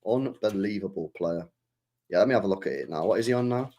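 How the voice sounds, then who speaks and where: A man's voice: on the low side, animated, fast, vocal fry, dark tone, lo-fi sound. A young man talking casually on a live stream as a football fan, passionate, swearing and repeating his points.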